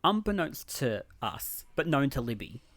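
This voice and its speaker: A man's voice: mid-range voice, a little slow, no room sound. Guy cohosting a podcast, rambling through a spooky story, dry close sound. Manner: animated storytelling with filler words. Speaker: podcast co-host. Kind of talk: casual chat.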